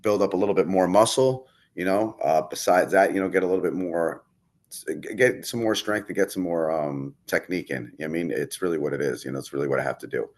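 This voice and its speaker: A man's voice: low-pitched, brisk. A man chatting casually as a podcast guest, telling a rambling story and swearing often. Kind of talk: casual chat.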